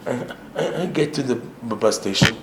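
A man's voice: medium pitch, expressive, normal speed, background noise, lightly acted. A man voicing a matter-of-fact male bus driver who stutters heavily, repeating sounds, in a joke. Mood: earnest. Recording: echoey room, faint ambience.

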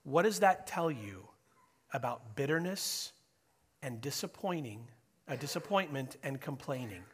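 A man preaching an informal, chatty sermon to his congregation as their pastor, joking and animated. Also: mid-range voice, a little slow. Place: church sanctuary.

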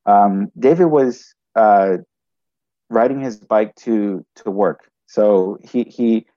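A man's voice: fairly low pitch, dark tone, highs cut off. A man telling a personal story in conversation, restarting often and adding "right?" as he goes. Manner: halting, frequent restarts and "right?" tags.

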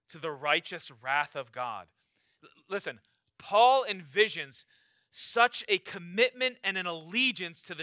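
A man preaching a sermon as pastor, emphatic and repetitive, swinging from loud urging to quiet low lines. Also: no room sound, studio quality.

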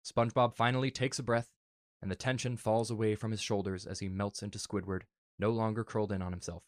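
A man earnestly reading a fan story aloud in a soft, emotional way. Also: lowish voice, flat delivery, quick pace, dry recording, studio quality. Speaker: narrator.

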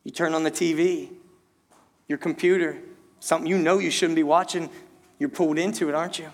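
A man's voice: on the high side, fairly even intonation, fairly quick. A male pastor preaching a sermon to his church. He repeats himself, stumbles on words and keeps asking the congregation rhetorical questions. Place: church sanctuary. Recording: long reverb in a hall.

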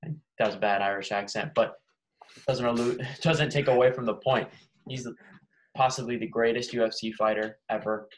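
A man's voice: medium pitch, fairly even intonation, moderate pace, slight background noise, poor audio. A man hosting a casual podcast chat, joking around. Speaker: podcast host.

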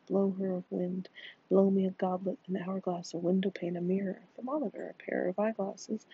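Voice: medium pitch, mellow, breathy edge, dry recording. A narrator voicing a bitter, jealous young wife who mocks in a singsong way, in a dull lo-fi recording.

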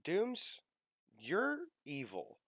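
A man's voice: high voice, wildly swooping pitch, drawn-out words, a bit bright, slightly rough, dry recording. A man chatting casually as a co-host, teasing his friends and sounding exasperated. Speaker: podcast co-host. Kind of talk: casual chat.

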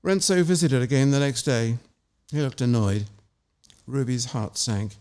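A man, appearing as an author and interview guest, reads his short story at an even, middle pitch. Afterward he discusses his writing in a casual interview, speaking in a measured, anecdotal way with small restarts.

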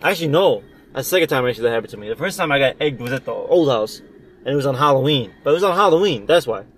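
Young guy on a podcast, rambling and cussing, just shooting the breeze, average pitch. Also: expressive, very fast, fairly bright tone, slight background noise. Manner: profane, rambling, loose storytelling. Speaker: podcast co-host. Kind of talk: casual chat.

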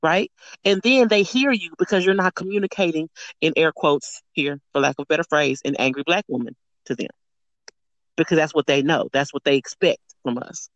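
A woman who is a sex educator speaks frankly as a guest in a candid podcast conversation, emphatic, acting out quoted speech, and swearing casually. Her low voice moves at a moderate pace, and the recording is muffled with no room sound.

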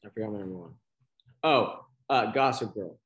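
A man's voice: on the low side, moderate pace, fairly bright tone. Laid-back male podcast co-host. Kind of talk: casual chat.

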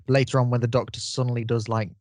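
A man's voice: medium pitch, level tone, very fast, a little mellow, dry recording. A man co-hosting a podcast, chatting casually in a rambling way and chuckling. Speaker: podcast co-host. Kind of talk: casual review chat.

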